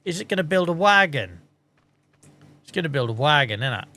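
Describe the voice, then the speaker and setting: A man's voice: on the high side, big pitch swings, brisk, sharp tone. A man chatting casually on a live stream as he plays a farming game, muttering, joking and swearing. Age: adult.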